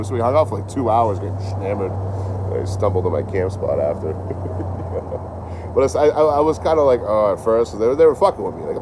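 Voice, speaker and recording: Deep-voiced young man rambling outdoors. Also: normal speed, background noise. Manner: rambling, profane storytelling. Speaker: train-hopping traveler vlogger. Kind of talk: casual live-stream chat.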